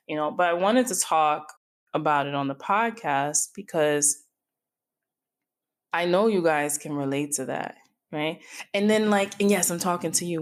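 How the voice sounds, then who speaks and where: A woman's voice: low voice, moderate pace. A middle-aged woman hosting a solo podcast, talking candidly and confidingly and speaking straight to her listeners. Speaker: podcast host and coach. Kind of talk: reflective solo podcast talk.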